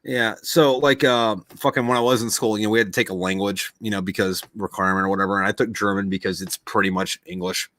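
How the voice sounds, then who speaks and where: A man's voice: on the low side, fairly even intonation, quick pace, hardly any pauses, sharp tone, dry recording. A man in casual podcast chat, rambling and swearing a lot, with many fillers. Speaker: podcast host.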